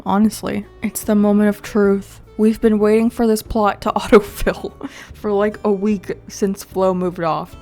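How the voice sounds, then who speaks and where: A young woman giving casual commentary while playing a video game, excitable and quick to gasp and laugh. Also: medium pitch. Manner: excitable, gasps and laughs often. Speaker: gaming video creator.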